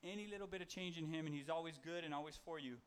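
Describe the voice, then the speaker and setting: A man's voice: on the high side, fast talker, clean tone. A man giving a casual, conversational sermon, reading Bible verses and talking them through with fillers and self-corrections. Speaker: preacher.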